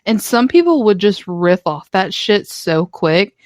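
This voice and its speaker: A woman's voice: mid-range voice, big pitch swings, a little slow, no echo, studio quality. A woman in her twenties co-hosting a podcast, chatting casually, swearing often and acting out her past self. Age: 20s. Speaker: podcast co-host. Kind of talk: casual chat.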